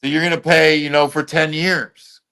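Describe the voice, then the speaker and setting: A man's voice: on the high side, flat delivery, normal speed, bright, forceful tone. A man being interviewed as a guest, talking in blunt, loose street slang full of swearing. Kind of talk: casual chat.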